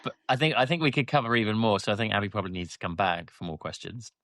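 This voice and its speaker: A man's voice: lowish voice, rapid-fire, fairly bright tone, no echo, studio quality. A man co-hosting a podcast, speaking modestly and hesitantly. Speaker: podcast co-host. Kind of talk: casual chat.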